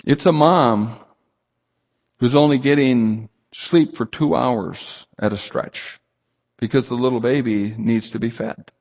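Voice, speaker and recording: A man's voice: mid-range voice, slow pace, darkish tone, lo-fi sound. A man preaching a sermon, emphatic and rhetorical, reading scripture aloud and asking the congregation questions. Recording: long hall reverb.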